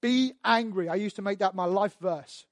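A man's voice: high-pitched, steady tone, brisk, dry recording, studio quality. Emphatic male preacher, repeating his points. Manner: emphatic, repeating key phrases, swelling louder on points. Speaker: pastor. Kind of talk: sermon.

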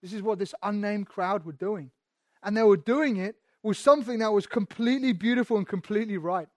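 A man preaching a sermon, repeating phrases and asking rhetorical questions, sometimes dropping to a hush and sometimes building loud. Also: high voice, brisk, dry recording.

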